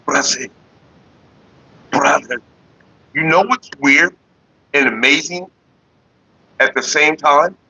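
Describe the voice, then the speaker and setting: Profane, animated man telling a story. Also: fairly high pitch, slow, vocal fry, long pauses, husky, low-quality recording. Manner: animated, profane, slips into quoted voices. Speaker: livestream host. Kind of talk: casual profane storytelling to viewers. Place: home.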